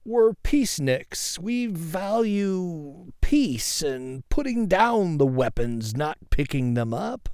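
A mellow young hippie drawls in slang and stretches his words out, as a storyteller puts him on. The voice sits well above the speaker's own and stays smooth and easygoing. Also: a little high, big pitch swings, slow pace, few pauses, no room sound, clean studio sound, voice pushed up, exaggerated voice. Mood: indignant. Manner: drawling "man" and "dude" slang. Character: laid-back young male hippie, peace-loving.

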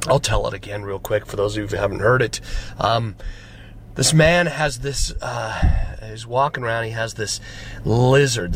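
Guy preaching, low voice, chatty, keeps saying right, faint hiss behind. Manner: conversational, checks in with "right?". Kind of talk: sermon.

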